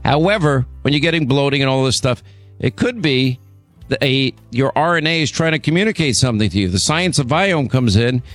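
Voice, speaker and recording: A middle-aged man hosting a call-in radio talk show, quick and conversational, stammering a bit when he defends himself. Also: mid-range voice, animated, a bit bright, soft background music.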